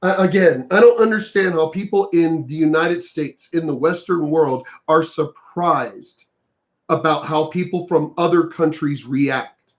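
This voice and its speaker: Host, male, high-pitched, angry profane ranter, raises voice to a shout at times. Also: unhurried. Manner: heated, profane, emphatic, sometimes shouting. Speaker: reaction commentator. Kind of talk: ranting reaction commentary.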